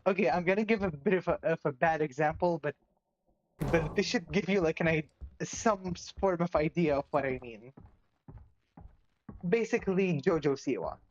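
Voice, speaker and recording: A woman's voice: sits low, normal speed, a little mellow, lo-fi sound, a little hiss or hum. A woman chatting casually on a game stream, rambling with lots of restarts and giggles. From another country. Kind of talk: casual chat.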